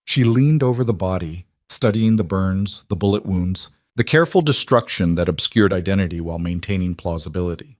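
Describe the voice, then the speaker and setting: A man narrating a dramatic story in a calm, even reading voice. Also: deep voice, brisk, hardly any pauses, no room sound, studio quality.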